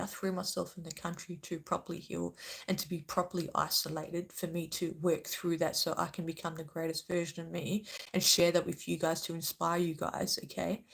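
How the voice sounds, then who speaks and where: A woman who hosts a spiritual channel talks to her viewers earnestly and with passion, her lowish voice carrying vocal fry. It's an emotional spiritual talk, and she keeps checking in with "okay?"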